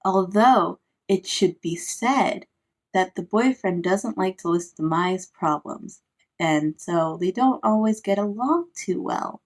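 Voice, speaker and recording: A woman's voice: medium pitch, slow pace. A woman, a parent, giving a casual, sarcastic recap of a book, full of "like" fillers. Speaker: book reviewer.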